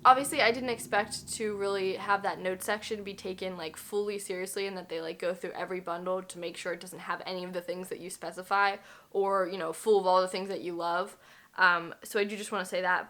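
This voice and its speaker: A woman's voice: mid-range voice, fairly bright tone. A woman in her twenties talking casually through an unboxing review, chatty and self-deprecating, with lots of fillers. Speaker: thrift vlogger.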